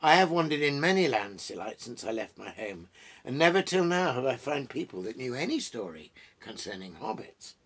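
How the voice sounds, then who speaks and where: A man's voice: mid-range voice, big pitch swings, breathy edge. A man voicing a witty young male hobbit who teases his friends in a storybook reading. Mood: teasing. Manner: teasing, quick-witted.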